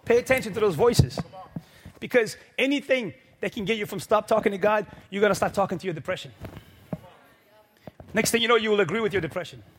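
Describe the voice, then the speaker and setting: A man preaching a sermon to a congregation, building from quiet, low lines to loud, shouted peaks with rhythmic repetition. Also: fairly quick, long pauses, slight background noise. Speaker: pastor. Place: church.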